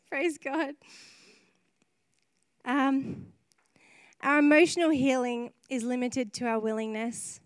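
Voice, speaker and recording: A woman's voice: sits high, little pitch movement, slow pace, long pauses, smooth, no room sound. A woman preacher giving an earnest, emotional sermon at a church service, often laughing between phrases.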